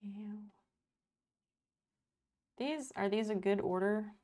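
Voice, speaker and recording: A woman's voice: medium pitch, slow, long pauses, dark tone. A woman in her thirties, a live streamer, chatting casually and rambling while she reads her chat aloud and swears freely. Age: 30s.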